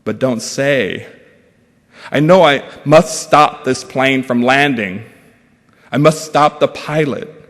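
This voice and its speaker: A man at middle pitch gives a dramatic reading of his own prose, measured and slow. He often drops to near a hush. The sound carries the long reverb of a large event hall. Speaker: guest speaker.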